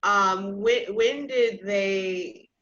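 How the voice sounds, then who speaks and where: A woman's voice: mid-range voice, drawn-out words, fairly bright tone. A woman in her thirties hosting a podcast, telling personal stories in a candid, self-deprecating way and often laughing at herself. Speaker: podcast host. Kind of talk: casual personal storytelling. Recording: slightly dull lo-fi sound.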